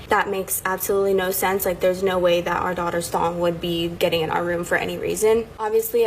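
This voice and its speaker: A woman's voice: mid-range voice, darkish tone, a little hiss or hum, poor audio. A middle-aged woman telling a confessional story in an earnest, upset way.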